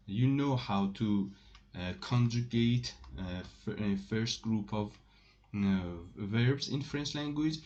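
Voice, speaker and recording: A man giving a relaxed online language lesson at an unhurried pace, pausing often and restarting his sentences. His voice sits at an ordinary middle pitch. The sound is a little dull and lo-fi. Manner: slow and halting, many fillers and restarts. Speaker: French teacher.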